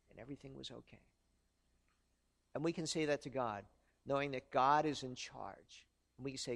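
A man's voice: a little high, fairly quick, a bit bright. A man preaching a sermon in an earnest, conversational way, asking his listeners rhetorical questions. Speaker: pastor.

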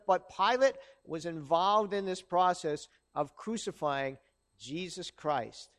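A man with a notably high voice delivers a sermon in a loose, conversational way. He reads passages and slips into the voices of the people in them. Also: lively intonation, a little slow. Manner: conversational, acts out quoted lines. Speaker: preacher.

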